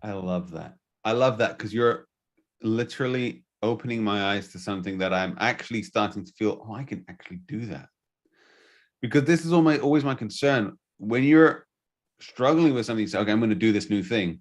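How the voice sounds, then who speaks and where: A man hosting a podcast in casual spiritual conversation, earnest and enthusiastic, speaking in quick bursts. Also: fairly low pitch, animated. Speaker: podcast host.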